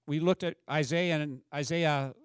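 A man's voice: on the high side, fairly even intonation, unhurried, smooth, no echo. A middle-aged man preaching a sermon as a pastor, talking in a conversational way and asking the congregation questions.

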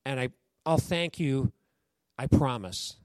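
A man voicing a sick young boy, soft and earnest, as he retells a story in a sermon. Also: mid-range voice, lively intonation, takes it slowly, no room sound. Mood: earnest, weak.

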